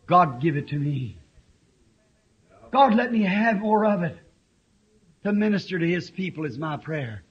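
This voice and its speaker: Fiery preacher in his fifties, a man with a strikingly high voice, dull old tape recording. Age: 50s. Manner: impassioned, swings to shouting. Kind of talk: fiery sermon.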